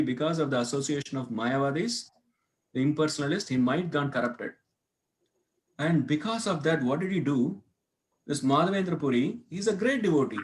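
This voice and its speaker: A man teaching a devotional scripture class, telling a story and asking his listeners questions as he goes. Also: on the high side. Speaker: class speaker. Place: temple hall.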